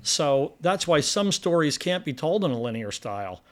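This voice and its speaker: A man hosting a film review podcast with a fairly high voice. He chats casually and rambles, restarting his sentences often. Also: big pitch swings, normal speed. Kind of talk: casual chat.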